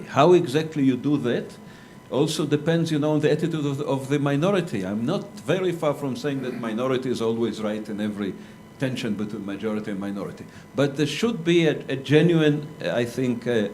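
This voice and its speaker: A male academic panelist answering a conference question in a measured, argumentative way, with hesitant restarts. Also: medium pitch, a little mellow, slight background noise. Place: lecture hall.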